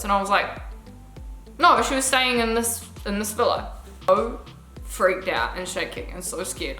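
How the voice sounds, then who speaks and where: A woman's voice: mid-range voice, pushed and bright, reverberant. A young woman, emotionally retelling a story in a storytime vlog and swearing often. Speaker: vlogger.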